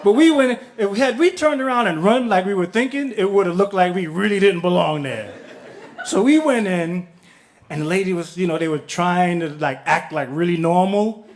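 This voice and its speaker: A man's voice: high-pitched, moderate pace, a little hiss or hum. A middle-aged man telling a story on stage, casual and profane, acting out the people he quotes.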